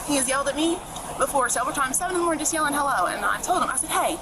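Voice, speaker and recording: A woman's voice: high voice, lively intonation, rapid-fire. A woman in her twenties defensively explaining herself to police, repeating what she said, recorded outdoors on a body camera. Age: 20s. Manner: defensive, repetitive "I said" retelling. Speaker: suspect questioned by police. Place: outdoors on a street. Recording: outdoor body-cam audio with background noise.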